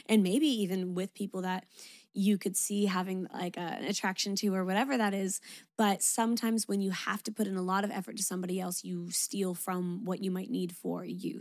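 A young woman hosts a casual advice podcast, talking frankly and with emphasis, and she swears without hesitation. Her voice sits at a middle pitch for a woman. The recording is dry and close, with almost no room sound. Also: no echo. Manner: candid, swears freely, lively emphatic delivery with fillers. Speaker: podcast host.

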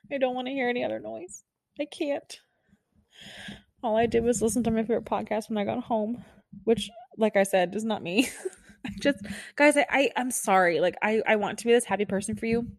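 A woman's voice: fairly high pitch, a little fast, no echo, clean studio sound. Frazzled, exasperated woman nurse venting. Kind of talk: venting vlog monologue.

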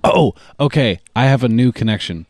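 A man's voice: medium pitch, lively intonation, normal speed, darkish tone, dry recording. A man co-hosting a podcast who laughs easily in casual chat. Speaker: podcast co-host.

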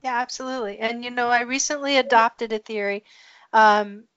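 A woman's voice: a little high, fairly even intonation, moderate pace, fairly bright tone, no echo. A woman working in human resources, talking earnestly as a podcast guest and often agreeing. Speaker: HR professional, guest. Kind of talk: conversational podcast interview. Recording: dry muffled lo-fi audio.

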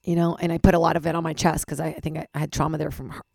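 This podcast host is a young adult woman based in Los Angeles, talking very fast in a flat, low-sitting, darkish voice with vocal fry, slightly hoarse from a partly lost voice. Her candid monologue is rambling and self-deprecating, sprinkled with casual swearing. The studio-quality audio has no echo.

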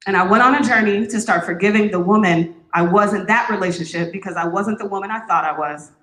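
A woman's voice: medium pitch, quick pace, a bit bright. A woman speaking in a church, sharing a candid personal testimony in a conversational, joking way. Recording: echoey church room.

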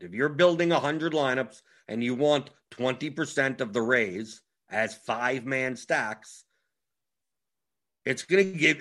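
Man explaining strategy with animated restarts. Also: mid-range voice. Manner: animated, emphatic, frequent restarts. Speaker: fantasy sports strategist. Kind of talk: casual tutorial explanation.

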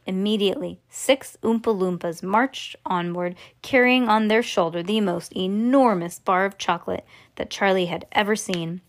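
A woman's voice: mid-range voice, normal speed. A woman reading a children's story aloud in plain narration, with chatty asides to a listener. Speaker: reader.

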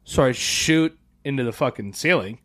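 Speaking at a moderate pace and medium pitch, this podcast co-host recounts a story in relaxed chat. He gets animated, performs quoted voices, curses freely and keeps laughing.

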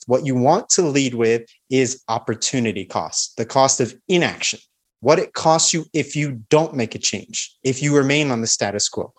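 A man of ordinary pitch explains, confident and instructive, how to open a sales call. He talks through each step in a clear, practical way. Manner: confident, instructive, acts out sample calls. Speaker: sales expert guest.

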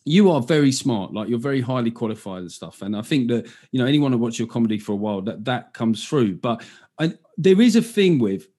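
A man's voice: mid-range voice, expressive, fairly quick, mellow. A man with a South London accent hosting a podcast, chatting loosely and laughing easily. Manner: rambling, sweary, laughs easily. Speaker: podcast host. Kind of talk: casual interview chat. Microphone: video call.

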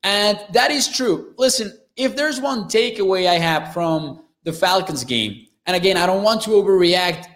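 A young man from northern Mexico with a Mexican accent, hosting a live sports talk show, reading chat comments and often repeating words as he talks. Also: sits high. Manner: quick, restarts and repeats words, animated. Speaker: sports podcast host.

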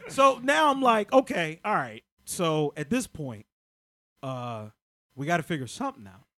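A man's voice: wildly swooping pitch, moderate pace. A man telling a comic story in a podcast chat, laughing, swearing and acting out other people's voices. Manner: loud laughing delivery with sudden pitch jumps. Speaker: comedian guest.

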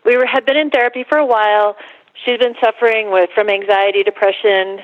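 A female caller speaks over a dull, lo-fi phone line. Her voice is shaky and emotional, as if close to tears, and she talks quickly in halting bursts with pauses. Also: mid-range voice, steady tone. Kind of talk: phone call-in.

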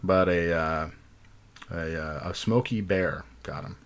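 A man's voice: low-pitched, takes it slowly. A man hosting a comedy podcast, joking around in loose, profane casual chat. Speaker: podcast host.

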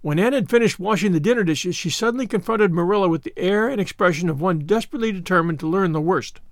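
A man narrating a classic novel as an audiobook, measured and expressive. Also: high-pitched, no echo, studio quality.

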